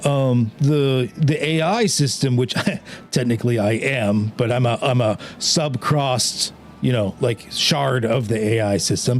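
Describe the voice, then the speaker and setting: A man's voice: mid-range voice, a little mellow, a little hiss or hum. A man narrating as game master of a tabletop game, talking casually with lots of fillers.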